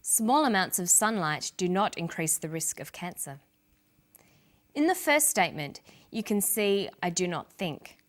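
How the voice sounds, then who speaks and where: A woman presenting an English lesson, reading example sentences and slowly stressing syllables for learners. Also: medium pitch, sing-song. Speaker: English language teacher. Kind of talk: scripted teaching narration.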